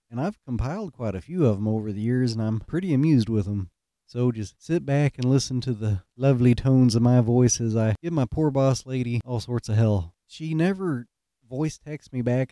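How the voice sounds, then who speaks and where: Laid-back man with a mellow voice. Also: medium pitch, no echo, studio quality. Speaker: podcast host. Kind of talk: casual storytelling.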